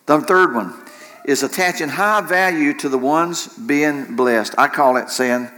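A man's voice: on the high side, a little slow, bright, forceful tone. A man preaching a sermon in an impassioned way, repeating phrases for emphasis. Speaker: pastor.

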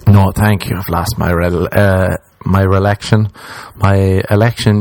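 A man's voice: low voice, level tone, a little slow, darkish tone, no echo. A young Irish man hosting a comedy podcast alone, rambling jokily and slipping into mocking voices. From Ireland. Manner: rambling, jokey, jumps into mocking put-on voices. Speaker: podcast host. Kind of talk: comedic solo podcast monologue.

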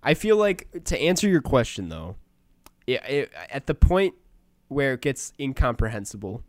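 A young man co-hosting a podcast, chatting casually and telling animated stories with frequent laughs. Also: medium pitch, normal speed, dry recording, studio quality. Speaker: podcast co-host.

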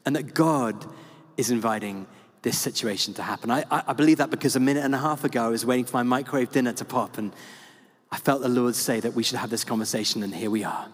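A man, a parish priest, telling a story in an animated, chatty sermon full of fillers. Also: mid-range voice, very fast. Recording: echoey hall with long reverb.

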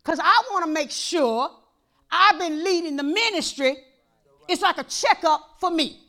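A woman pastor preaches a fervent sermon in a church. Her voice sits high and leaps all over its range. She hammers repeated phrases, sinking to near-whispers and then climbing into shouts. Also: lively intonation, a little slow. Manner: impassioned, repeats phrases, swings from hushed to shouting.

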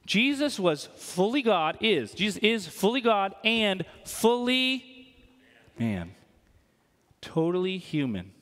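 A man's voice: high-pitched, big pitch swings, slow, fairly bright tone. A man preaching a sermon as a pastor. He talks in a casual, joking way and often checks in with "right?". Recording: long hall reverb.

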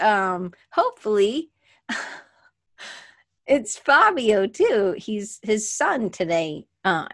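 This woman's voice is a little high and fairly bright, recorded at studio quality with no echo. As a podcast host livestreaming casually at her desk via webcam, she chats rambly, restarts sentences often and moves around at her desk.

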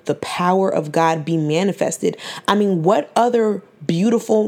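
A woman's voice: on the low side, a little mellow. A 21-year-old woman giving an earnest, faith-filled personal testimony on her podcast, fighting back tears and often restarting her phrases. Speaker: podcast host.

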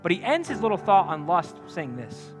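A young man preaching a sermon to a campus group. He speaks earnestly and directly, moving between loud punchy lines and quiet confiding ones. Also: sits high, big pitch swings, moderate pace, soft background music.

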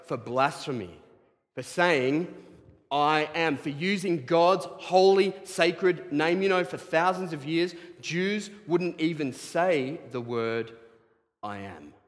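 An Australian man preaching in a church hall, his fairly high voice ringing out with a long reverb tail. He talks conversationally with the congregation, jumping from loud emphatic bursts to hushed, low asides. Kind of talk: sermon.

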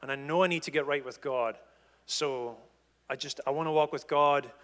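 A pastor with a notably high-pitched voice delivers a sermon, acting out the dialogue of his story with humor. His voice carries the long reverb of a large hall. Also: fairly even intonation, normal speed, a bit bright.

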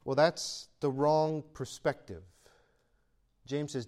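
A man's voice: on the high side, lively intonation, a little slow, darkish tone. A man preaching a sermon in a conversational style that swells into emphatic peaks. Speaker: pastor.

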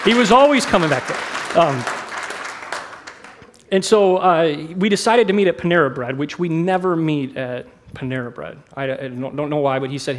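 Middle-aged pastor guy, high voice, preaching casual and candid, kinda self-deprecating. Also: normal speed, some chatter behind, a little hiss or hum. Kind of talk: sermon with personal storytelling.

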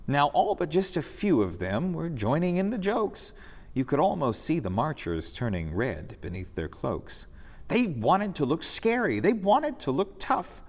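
Expressive man reading a rhyming story. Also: fairly high pitch, measured pace. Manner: expressive, sing-song storytelling. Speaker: reader in a church service. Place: church sanctuary. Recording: reverberant church hall.

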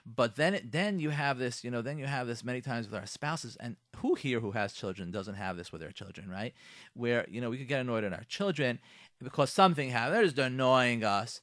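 Fast-talking male radio host, dry sound. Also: medium pitch, dry recording. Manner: quick, animated, acts out heated quotes. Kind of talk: live radio talk show.

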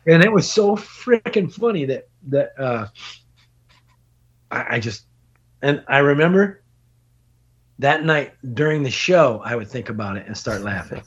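A middle-aged man, a podcast guest, telling a long road story in casual, animated talk, swearing and laughing as he goes. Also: mid-range voice, unhurried, long pauses, breathy edge. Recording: dull lo-fi podcast audio.

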